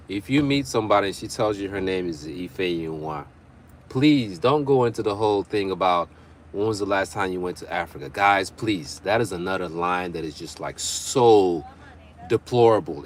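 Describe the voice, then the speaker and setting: Low-voiced man chatting on a livestream. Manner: chatty, reads viewer comments aloud and banters; laughs often between remarks. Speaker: livestream host. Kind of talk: casual live chat.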